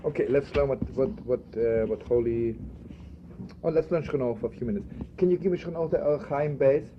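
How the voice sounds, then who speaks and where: Man, rabbi, informal lesson, repeats words for emphasis, mid-pitched, lo-fi recording. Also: fast. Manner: conversational, repeating himself for emphasis, frequent asides. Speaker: rabbi teaching a class. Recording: dull lo-fi archival recording with faint background noise.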